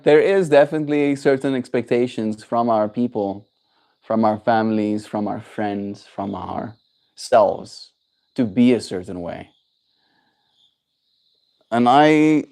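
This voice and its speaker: Slow, mellow South African man. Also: mid-range voice, clear, resonant tone. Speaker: livestreamer. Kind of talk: reflective livestream chat.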